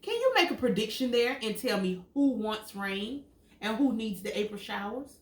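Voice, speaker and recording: A woman's voice: fairly high pitch, moderate pace. A woman teacher reading a picture book aloud to young children, acting out the sound words and stopping to quiz them. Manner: expressive storytelling, acts out sound words and quizzes children. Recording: echoey room, mic at a distance.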